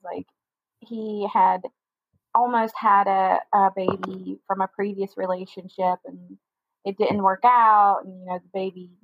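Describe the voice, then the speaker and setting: A young woman telling a personal story in a casual interview, talking quickly with lots of "like" fillers. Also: mid-range voice, no echo, lo-fi sound. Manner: fast chatty storytelling with many "like" fillers. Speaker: guest telling her story.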